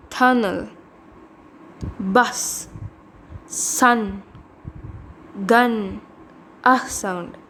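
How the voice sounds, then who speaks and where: A woman with an Indian English accent teaching pronunciation, saying example words slowly and repeating them, with many fillers. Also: a little high, a bit bright, slight background noise. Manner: slow, deliberate, repeats each word, many fillers. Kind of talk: slow phonetics lesson with example words.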